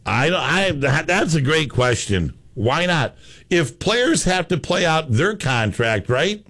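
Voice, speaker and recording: A man's voice: on the high side, big pitch swings, takes it slowly, a bit bright, no echo. A man co-hosting a sports radio show, chatting casually and reading listener messages aloud.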